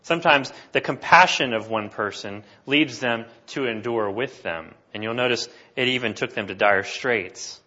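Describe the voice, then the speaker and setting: A man preaching a sermon, explaining scripture in an animated way and asking his listeners questions. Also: mid-range voice, normal speed, few pauses, muffled recording. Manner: animated, asks the congregation questions.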